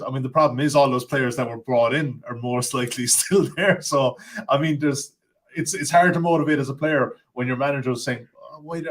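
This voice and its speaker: A man hosts a sports betting podcast in a mid-pitched everyday voice. He talks loosely and conversationally, steers the chat and tosses questions to his guests. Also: fairly bright tone. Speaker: podcast host. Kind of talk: casual chat.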